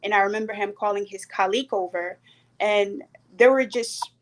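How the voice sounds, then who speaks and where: A young woman from South Sudan with a South Sudanese accent, earnestly telling a personal story with hesitant pauses and fillers. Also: mid-range voice, steady tone. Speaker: panel speaker.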